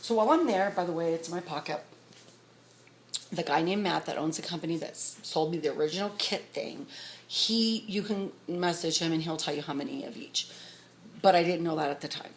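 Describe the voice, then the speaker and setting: A middle-aged woman telling a rambling story to her vlog audience, talking fast and excitedly. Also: fairly low pitch, slight background noise. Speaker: vlogger. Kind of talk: casual storytelling to camera.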